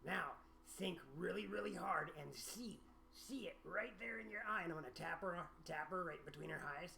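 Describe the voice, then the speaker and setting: A man's voice: high-pitched, normal speed, gravelly, sharp tone, a little hiss or hum. A man playing a tabletop game in character, talking in a playful, coaxing way. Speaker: player.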